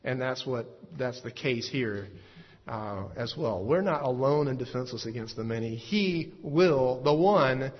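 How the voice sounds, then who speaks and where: Halting man teaching scripture in a hall. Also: mid-range voice, slightly rough. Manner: halting, many fillers and restarts. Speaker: preacher. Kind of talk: Bible teaching. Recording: dull lo-fi recording in a reverberant hall.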